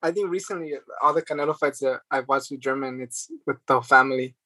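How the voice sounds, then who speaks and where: A man speaking as a podcast guest in casual chat, laid-back and a little halting. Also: medium pitch, sharp tone, no room sound, low-quality recording.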